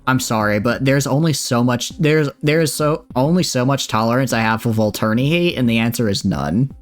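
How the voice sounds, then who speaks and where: A man's voice: medium pitch, moderate pace, soft background music. A man with a Southern accent, chatting and joking while streaming a space game and reading its text aloud. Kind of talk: livestream gameplay commentary.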